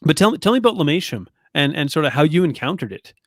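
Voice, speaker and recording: A man's voice: a little high, very animated, fast, no room sound, clean studio sound. A man in his thirties hosting a podcast interview, chatty and rambling with a joking streak. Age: 30s. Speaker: podcast host. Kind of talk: casual interview chat.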